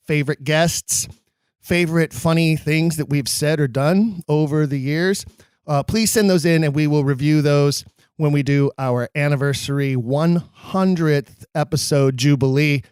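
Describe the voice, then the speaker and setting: A man's voice: fairly high pitch, a little mellow, smooth, no echo, clean studio sound. A man hosting a podcast, reading show announcements in an upbeat, promotional way. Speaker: podcast host.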